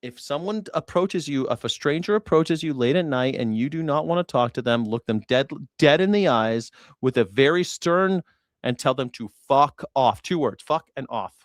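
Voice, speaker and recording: Man, host, casual commentary, blunt, profane, mid-pitched voice, dry recording. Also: lively intonation, normal speed, no echo.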